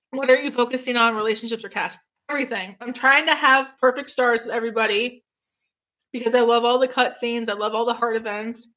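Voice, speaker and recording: A woman's voice: a little high, fairly bright tone. A young woman in her twenties, getting over an illness, chatting casually on a live stream, gushing and reading out viewer comments.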